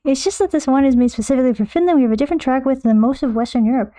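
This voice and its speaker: A woman's voice: high-pitched, very fast, mellow. A young American woman chatting casually with her live-stream viewers, bubbly and self-mocking. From United States.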